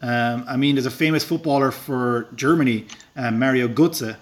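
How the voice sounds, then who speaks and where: A man from Ireland with a rural Irish accent chats casually on a live stream while playing a game, speaking at medium pitch and a moderate pace. He rambles with filler words and chuckles at himself in a self-deprecating way.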